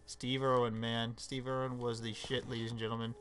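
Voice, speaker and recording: A man's voice: medium pitch, level tone, fairly quick, a bit bright. A young man live-streaming a game, reading chat aloud and joking around with casual swearing.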